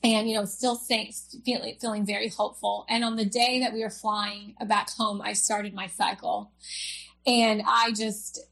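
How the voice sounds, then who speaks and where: A young woman guest telling a personal story in an interview, halting and emotional, with many fillers. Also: mid-range voice, level tone, creaky, fairly bright tone.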